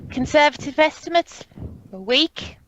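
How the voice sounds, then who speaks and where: A woman's voice: sits high, expressive, measured pace, a bit bright, slight background noise. A woman playing in a tabletop game, speaking in character in a matter-of-fact way. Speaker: player. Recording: dry, dull lo-fi sound.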